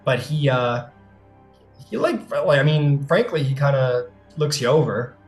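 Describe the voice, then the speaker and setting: A man's voice: mid-range voice, expressive, unhurried, echoey room, faint music behind. A man narrating as game master in a casual, hesitant way, full of fillers and restarts. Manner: loose, hesitant, many fillers.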